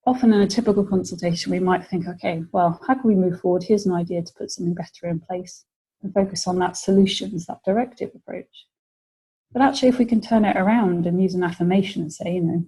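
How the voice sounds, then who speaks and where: A woman's voice: fairly low pitch, steady tone, fast, mellow, husky, rough recording. A British woman presenting a webinar lecture, explaining ideas and acting out example phrases for clients.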